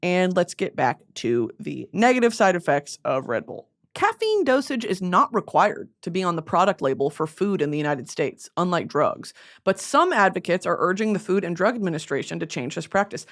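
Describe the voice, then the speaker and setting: Animated, swearing young Southern woman. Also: fairly low pitch, moderate pace, hardly any pauses. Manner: rambling, swears a lot, flustered outbursts. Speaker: podcast host. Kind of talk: casual solo chat.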